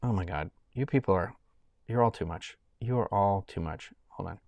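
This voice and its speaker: A man's voice: low voice, moderate pace, creaky, no echo. A man in his thirties chatting casually on a live stream, rambling and often breaking off mid-sentence as he thanks viewers. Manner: rambling, self-interrupting, thanking donors warmly.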